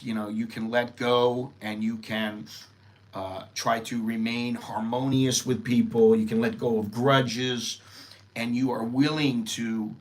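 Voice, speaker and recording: A man's voice: mid-range voice, fairly bright tone. An American man hosting a casual live-stream lesson, explaining words in a loose, rambling way with lots of fillers and asides. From United States. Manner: rambling, informal, thinking aloud with fillers. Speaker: host teaching Thai phrases.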